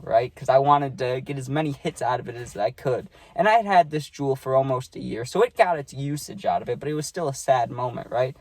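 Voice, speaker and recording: A man's voice: medium pitch, fairly quick, dry recording. Rambling young man telling a story. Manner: rambling, keeps adding "right?". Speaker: vlogger. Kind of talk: casual storytime monologue.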